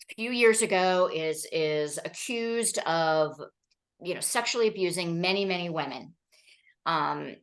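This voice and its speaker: A woman giving a training talk to an audience, telling stories in an animated way and often checking in with "okay?" and "right?". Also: lowish voice. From Colorado.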